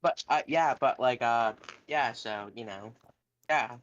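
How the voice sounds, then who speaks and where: A man's voice: mid-range voice, slow, fairly bright tone, dull audio. A young man on a call, chatting loosely and jokingly, trailing off with fillers. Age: young adult. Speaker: guest on call. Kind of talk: casual chat.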